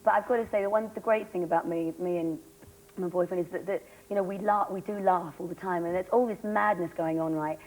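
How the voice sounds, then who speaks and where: An actress being interviewed on a talk show, rambling and giggly, with a slightly hoarse voice. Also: female voice, fairly low pitch, steady tone, a little mellow, rough recording. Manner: rambling, giggly, fast storyteller. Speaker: guest actress.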